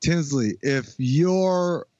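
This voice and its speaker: A man hosting a podcast, asking lively hypothetical questions in casual chat. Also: fairly high pitch, extremely slow, no echo. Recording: dry, muffled podcast audio.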